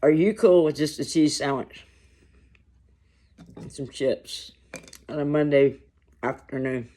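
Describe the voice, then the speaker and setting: A man vlogging to camera over lunch, talking in a slow, reflective, halting way with long pauses. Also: fairly high pitch, mellow. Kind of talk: casual talk to camera while eating lunch.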